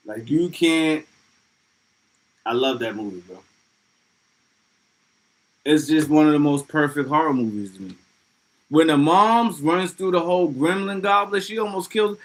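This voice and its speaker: A man hosting a casual livestream, talking loosely and excitably with plenty of profanity as he reads out chat messages. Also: on the high side, moderate pace, poor audio. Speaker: livestream host.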